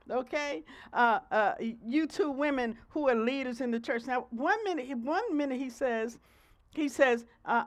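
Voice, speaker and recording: A woman preaches with a high, light voice, keeping her sermon loose and conversational. She teases her listeners along and checks in with them often. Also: expressive, normal speed. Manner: conversational, playful preaching with frequent "okay?" asides.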